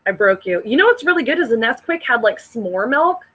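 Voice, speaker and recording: A woman's voice: a little high, very animated, a little fast, fairly bright tone, rough recording. A young woman co-hosting a podcast, rambling in casual chat with many fillers. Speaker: podcast co-host.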